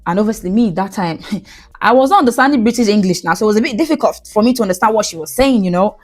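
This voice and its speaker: A woman with a Nigerian accent, hosting a podcast and telling animated, laughing stories in a casual monologue. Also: medium pitch, fast talker, faint music behind. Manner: animated, laughing, slips into pidgin. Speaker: podcast host.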